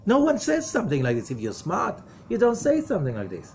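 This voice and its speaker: Emphatic rabbi lecturing, slightly high voice. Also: male voice, wildly swooping pitch, a little fast, slight background noise. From from outside America. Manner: emphatic, full of rhetorical questions; drops to a low, quiet voice for warnings. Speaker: rabbi teaching Kabbalah. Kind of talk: lecture to a study group.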